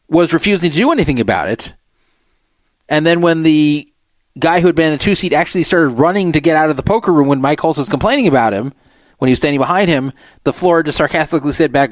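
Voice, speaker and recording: A man hosting a talk radio show, pausing a clip to explain it plainly to listeners. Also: on the high side, lively intonation, dry recording.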